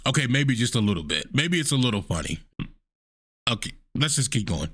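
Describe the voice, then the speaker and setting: A man's voice: mid-range voice, very animated, a little fast, fairly bright tone, slightly rough. A man hosting a reaction video in casual commentary, laughing often and mocking people with put-on voices.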